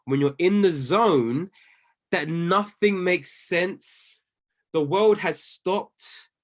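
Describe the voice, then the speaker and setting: A young man, a trading coach, giving an animated live talk and acting out the panic of a losing trader. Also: fairly high pitch. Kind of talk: live-streamed motivational talk.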